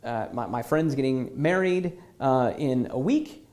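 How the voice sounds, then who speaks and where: A man voicing an anxious woman who speaks haltingly and pleads for help losing weight quickly. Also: mid-range voice, animated, darkish tone, lightly acted. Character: anxious woman needing to lose weight fast.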